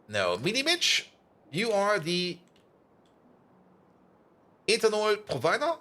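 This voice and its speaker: A man's voice: high-pitched, huge pitch swings, takes it slowly, bright, forceful tone. A young man, a native German speaker with a German accent, chatting casually with his viewers while playing a game on a live stream. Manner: chatty, answers chat, hums and laughs while playing.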